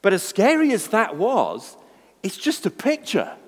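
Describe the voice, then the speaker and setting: A man preaches in a large church, his slightly high voice rising and falling with lively, expressive emphasis. His sermon moves from hushed, low stretches to loud, exclaimed lines. A long reverb hangs on every word. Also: measured pace, breathy edge. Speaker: pastor.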